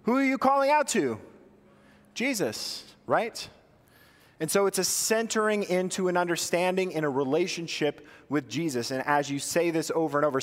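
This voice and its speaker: Pastor guy teaching prayer practices, slightly high voice, long echo in a big hall. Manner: guides slow breathing prayer, drops soft and low on the repeated phrase; asks the congregation questions and answers them himself.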